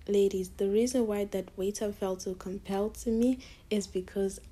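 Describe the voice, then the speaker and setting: Husky-voiced woman coaching her viewers. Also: mid-range voice, steady tone, normal speed, dark tone. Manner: direct and coaxing, keeps calling out to "ladies", drops into breathy half-whispers. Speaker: lifestyle vlogger giving advice to women. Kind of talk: casual advice monologue to camera.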